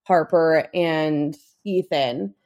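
A woman's voice: deep voice, drawn-out words, a little mellow. A woman, co-hosting a casual TV recap podcast, chatty and swearing freely, with lots of "like" and "um". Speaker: podcast co-host.

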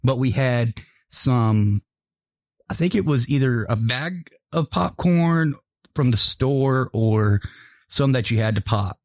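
A man's voice: mid-range voice, gravelly, darkish tone, no room sound, clean studio sound. A man in casual chat, telling stories with lots of swearing and laughter. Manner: profane, laughing storyteller.

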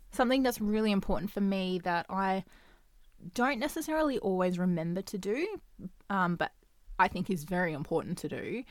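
A young adult woman hosting a casual solo podcast, talking in a chatty, animated way, acting out quoted dialogue and laughing often. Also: medium pitch, no echo, clean studio sound. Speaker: podcast host.

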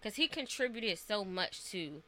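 A woman's voice: mid-range voice, big pitch swings, unhurried, sharp tone. A woman who is a parent, earnestly telling a personal story in a casual podcast chat and acting out the dialogue. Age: adult parent.

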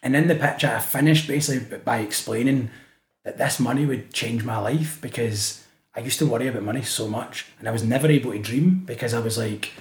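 A Scottish man with a Glasgow-area accent talks as a guest in a casual podcast chat, his voice sitting at an ordinary middle pitch. He tells his stories with energy, swears freely and acts out the people he quotes. The recording has a noticeable roomy echo. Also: a little fast. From Scotland. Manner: animated storytelling, swears often, acts out quotes. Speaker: guest, street artist.

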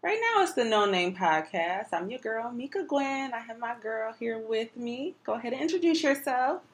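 A woman's voice: on the high side, lively intonation, normal speed. Chatty woman podcast host from Detroit. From Detroit, USA. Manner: laid-back, chatty, teasing. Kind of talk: casual chat.

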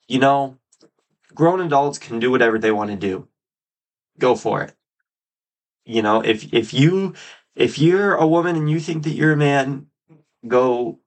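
A man hosting his own podcast, giving solo political commentary with emphatic, drawn-out stresses on key words. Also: mid-range voice. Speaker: podcast host.

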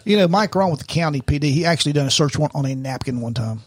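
A man's voice: a little high, lively intonation, rapid-fire, breathy edge, no echo, clean studio sound. A man, co-hosting a casual bourbon-tasting podcast, joking and teasing his friends. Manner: joking, teasing, laughs often. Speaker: podcast co-host.

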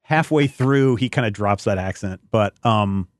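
A man hosting a podcast in casual chat, rambling and halting with many fillers. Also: lowish voice, dry recording, studio quality. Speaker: podcast host.

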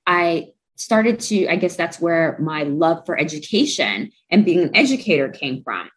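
A woman's voice: low-pitched, very animated, measured pace, rough recording. A young adult woman, a guest in an interview, telling a personal story candidly and with feeling. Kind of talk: interview conversation.

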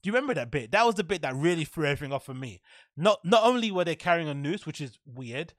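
A man's voice: fairly high pitch, sing-song, quick pace, no echo. A man hosting a podcast, ranting sarcastically through the news with plenty of slang. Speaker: podcast host. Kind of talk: casual commentary.

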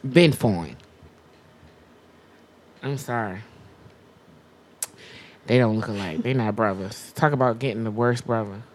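Animated, low-voiced woman podcast co-host. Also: a little slow, pauses often. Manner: animated, emphatic, swears freely. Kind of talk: casual chat.

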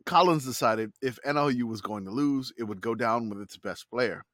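A man hosting a casual sports podcast, recapping an old game with quick laughs and lively storytelling. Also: medium pitch, no echo, clean studio sound. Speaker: podcast host.

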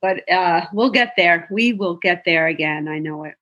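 A woman's voice: fairly low pitch, normal speed, sharp tone, lo-fi sound. A woman hosting a casual interview, affirming her guests and speaking with hesitant restarts. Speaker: host.

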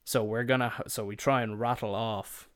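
A young man, telling a loose, profane family story as a casual monologue. His voice sits at an ordinary middle pitch, recorded dry and close with no room sound. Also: fairly even intonation, moderate pace, fairly bright tone, clean tone, no room sound. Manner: swearing, rambling, quoting family members. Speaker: podcast host.

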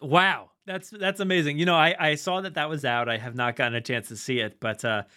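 A man's voice: a little high, brisk, pushed and bright. A man hosting a podcast, chatting casually and laughing often while he talks. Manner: chatty, laughing, restarts a lot. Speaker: podcast host. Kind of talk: casual chat.

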